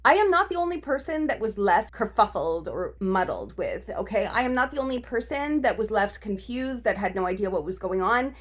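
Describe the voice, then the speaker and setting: A woman's voice: medium pitch, very animated, moderate pace, hardly any pauses. A woman book vlogger venting her frustration in a casual, profane rant, laughing between complaints. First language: English.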